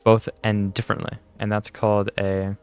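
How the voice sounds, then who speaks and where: A man's voice: on the low side, monotone, normal speed, clear, resonant tone, no room sound, faint music behind. A tired young man chatting casually while playing a game, rambling and self-deprecating. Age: young adult. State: tired, yawning. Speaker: gaming channel host. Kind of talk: casual gameplay commentary.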